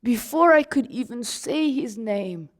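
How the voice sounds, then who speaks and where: A woman's voice: a little high, expressive, measured pace. A woman playing the young apostle John, a grieving and indignant man, in a dramatic first-person monologue, talking straight to the listener. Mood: incredulous.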